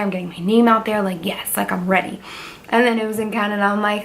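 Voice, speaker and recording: A woman's voice: mid-range voice, fairly even intonation, fast talker, creaky, slight background noise. A woman in her twenties talking candidly to camera in a personal vlog, rambling and heartfelt, with lots of fillers. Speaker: beauty vlogger.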